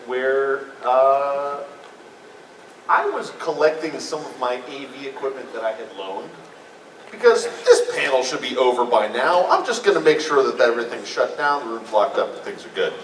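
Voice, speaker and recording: A man on a convention panel telling a rambling, animated story to a live audience. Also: medium pitch, slight background noise. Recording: echoey room mic from far off.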